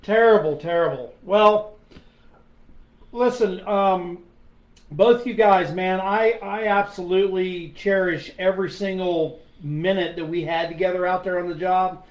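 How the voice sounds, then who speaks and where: A blunt, salty middle-aged man with a high voice hosts a casual chat about his days on the job. The sound is roomy and echoey. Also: steady tone, a little slow. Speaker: podcast host, retired police officer. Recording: roomy echo.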